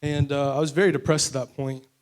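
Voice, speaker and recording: A man's voice: fairly high pitch, fairly even intonation, quick pace, a little mellow. Young man rambling through his testimony. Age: young adult. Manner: rambling, candid storytelling with many fillers. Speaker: testimony speaker. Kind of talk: personal recovery testimony.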